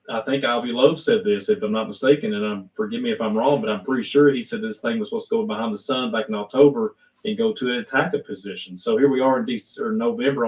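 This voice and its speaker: A male host in loose, rambling chat who keeps correcting himself and filling gaps with "you know." His voice is mid-pitched and sounds a little far from the mic. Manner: rambling, self-correcting, full of fillers. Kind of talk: casual talk-show chat.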